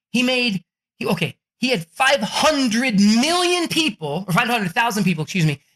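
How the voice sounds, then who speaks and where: A man speaking as a podcast guest, giving energetic advice in a brash, profane way. He acts out the people he quotes. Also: high voice. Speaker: guest author.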